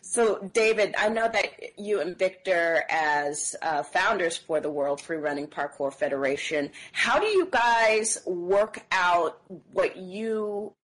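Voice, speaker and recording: A woman hosting a radio interview, playful and quick to laugh. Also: on the low side, low-quality recording. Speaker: radio show host. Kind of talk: casual interview.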